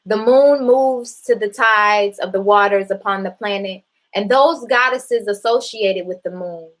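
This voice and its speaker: A woman's voice: medium pitch, measured pace, low-quality recording. A woman hosting a casual spiritual talk, speaking bluntly and with profanity straight to her viewers. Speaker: spiritual live-stream host.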